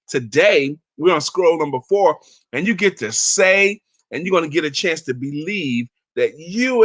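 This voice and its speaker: A man's voice: a little high, big pitch swings, measured pace, a bit bright, dry recording. A man in his fifties hosting an inspirational talk, telling stories and reading aloud in an emphatic, chatty way. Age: 50s. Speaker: motivational talk host.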